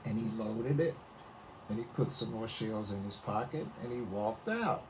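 A man's voice: lowish voice, animated, noisy background. An older man from Mississippi, telling stories unhurriedly as a guest in an interview. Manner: unhurried, vivid storyteller. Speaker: musician guest. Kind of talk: storytelling interview.

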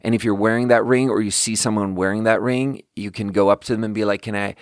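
A man's voice: fairly low pitch, fairly even intonation, fast, dry recording. Young guy podcast host rambling and cursing, laughs at his own stories, dry close sound. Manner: rambling, profane, laughs while telling stories. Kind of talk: casual monologue.

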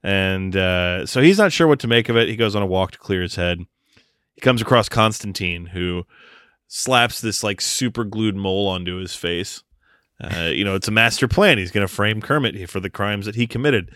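A man's voice: on the low side, expressive, normal speed, fairly bright tone, no room sound, clean studio sound. A man co-hosting a casual movie podcast, recapping a film's plot in a loose, joking way. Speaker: podcast co-host.

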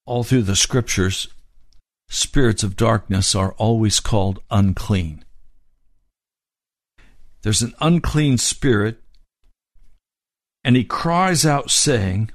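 Speaking slowly with long pauses, a man with a lowish voice preaches an expository sermon, unpacking scripture phrase by phrase and word by word. The recording is studio quality, with no echo.

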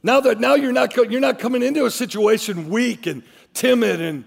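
A man preaching from the pulpit in an unusually high, heavily gravelly voice. He drives each point home with emphatic repetition. His sermon carries a long reverb from the church hall around him. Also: normal speed. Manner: emphatic preaching with repeated phrases. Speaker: pastor.

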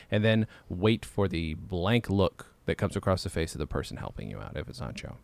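A man's voice: on the low side, sing-song, a little fast, creaky, few pauses. A man co-hosting a podcast in casual chat, joking around and doing sponsor reads with mock seriousness. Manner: playful, jokey, reads sponsor spots with mock gravity. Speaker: podcast co-host.

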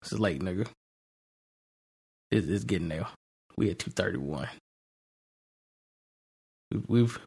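A man's voice: fairly low pitch, gravelly, husky. A man hosting a podcast, chatting casually and ranting with plenty of profanity. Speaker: podcast host. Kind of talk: casual chat.

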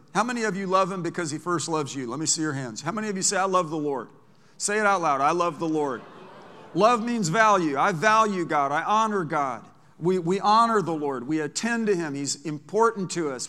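A pastor delivers an emphatic sermon in a high, bright voice, often doubling back on his words. He reads scripture aloud between points. His voice rings out with a long reverb, as in a large sanctuary.

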